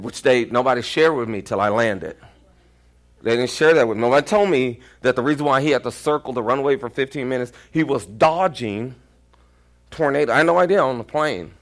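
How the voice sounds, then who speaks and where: A man with a Texan accent preaches to his congregation in a lively, storytelling way. His pitch swings widely as he acts out the voices in his stories, and at times he nearly shouts. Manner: animated, jumps into quoted voices, sometimes near-shouting. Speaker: pastor. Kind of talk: storytelling sermon.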